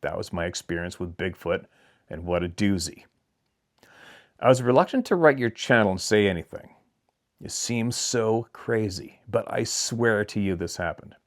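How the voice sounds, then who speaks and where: Low-voiced man reading a letter aloud. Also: moderate pace. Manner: plain, steady storytelling read with brief asides. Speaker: channel host.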